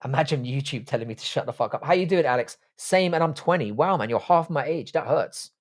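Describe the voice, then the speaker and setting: A man's voice: mid-range voice, animated, brisk. A man in his forties with an English accent, hosting a casual livestream, greeting viewers by name and trading blunt, crude jokes full of swearing. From England. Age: 40s. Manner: greeting and reading out viewer chat. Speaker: livestream host.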